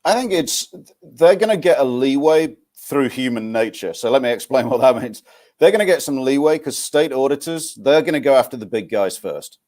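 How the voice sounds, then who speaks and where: A middle-aged man with an English accent, worn a little by years abroad, talks in a relaxed, conversational way. He explains things with a dry wit, at a middle pitch. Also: moderate pace. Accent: English, softened by long life abroad. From England. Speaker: tax expert guest. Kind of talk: conversational interview answers.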